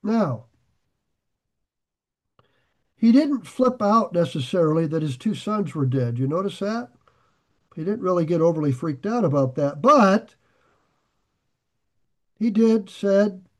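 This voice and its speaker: A man leads a verse-by-verse Bible study, reading scripture aloud and drifting into chatty asides. His voice is high-pitched and his pace measured, with frequent pauses, though he excites easily and gets loud.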